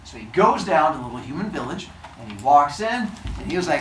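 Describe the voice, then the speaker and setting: A man's voice: fairly high pitch, big pitch swings, fast, few pauses, fairly bright tone, echoey room, distant mic, a little hiss or hum, rough recording. A man telling a myth to children in a comic, conversational way. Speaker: storyteller. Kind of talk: animated myth retelling to children.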